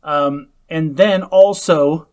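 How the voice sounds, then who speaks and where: A man from Arizona co-hosting a podcast in casual chat, halting and restarting as he jokes. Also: on the high side, darkish tone, smooth. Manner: halting, self-interrupting, joking. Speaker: podcast co-host.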